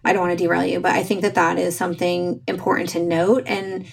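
A woman's voice: lowish voice, little pitch movement, fairly quick, creaky, slightly rough. A middle-aged woman hosting a casual podcast interview, chatty and agreeable with frequent asides. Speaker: podcast host.

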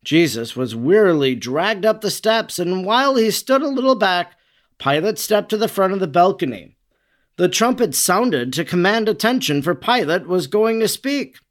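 A man reads a devotional book aloud in a slightly higher voice. His pace is slow and solemn, with no hurry. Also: very animated. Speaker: narrator.

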